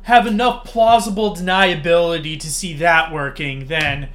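A man's voice: fairly high pitch, steady tone, moderate pace, fairly bright tone, slight background noise. A man as podcast guest, chatting casually about a movie with wry, complaining asides.

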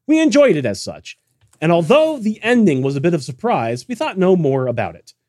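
Lively higher-voiced male podcast host. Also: fairly quick, dry recording, studio quality. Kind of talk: casual chat and reading listener emails.

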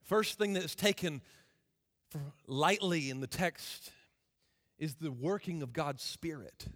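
A man preaching a sermon as a guest preacher, impassioned and swinging from loud declarations to hushed, intimate asides. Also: fairly high pitch, measured pace. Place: church sanctuary. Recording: reverberant church hall.

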